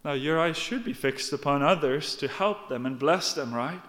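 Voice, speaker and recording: Male preacher, emphatic sermon delivery, slightly high voice, long hall reverb. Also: moderate pace, a bit bright. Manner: emphatic, earnest, addresses congregation directly.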